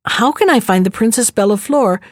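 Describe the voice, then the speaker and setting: A woman's voice: on the high side, animated, fairly quick, no echo, studio quality. A woman doing Jose, a bewildered young servant. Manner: anxious, bewildered.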